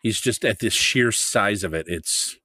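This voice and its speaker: A man's voice: lowish voice, a little slow, bright, forceful tone, slightly rough, dry recording, studio quality. A man playing in a tabletop game, joking and narrating his character's reactions. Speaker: player. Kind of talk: tabletop role-play chat.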